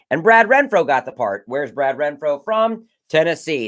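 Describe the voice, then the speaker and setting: A man's voice: fairly high pitch, very animated, brisk, few pauses, a bit bright. A man in his forties from Maryland, telling rambling stories in casual chat and correcting himself as he goes. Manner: rambling, self-correcting storyteller. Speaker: host, director and former child actor.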